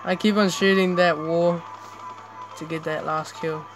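A young man commentating his own gameplay, chatty and excitable, with sudden yelps between rambling asides. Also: on the high side, unhurried, over music. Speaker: gamer. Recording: clear background noise.

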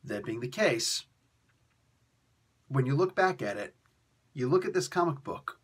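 Husky, ranting male comic reviewer. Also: mid-range voice, animated, measured pace. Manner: ranting, sarcastic, swings between loud outbursts and quiet mutters. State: tired. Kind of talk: animated solo video review.

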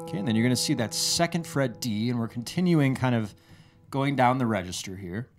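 A man teaching a guitar lesson, explaining a lick step by step in a measured way, often restarting his phrases. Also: mid-range voice, expressive. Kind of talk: relaxed instructional explanation. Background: guitar playing.

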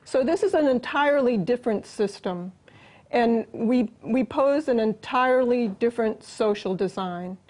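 A woman's voice: on the high side, lively intonation, normal speed, darkish tone. A woman answering as an interview guest, earnest and explanatory.

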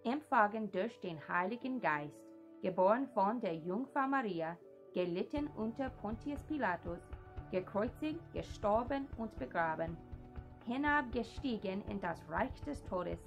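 A woman steadily reciting a creed in a measured voice. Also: medium pitch, animated. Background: music.

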